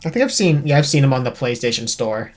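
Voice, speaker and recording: A man's voice: mid-range voice, big pitch swings, quick pace. A man co-hosting a let's play, chatting casually and a bit hesitantly about games. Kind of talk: casual chat while gaming.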